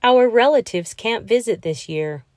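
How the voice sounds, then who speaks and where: A woman voicing a courteous grown-up male owl in a storybook read-aloud, speaking in a slow, measured way. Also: a little high, lively intonation, a little mellow, dry recording, clean studio sound, voice pushed up. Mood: polite.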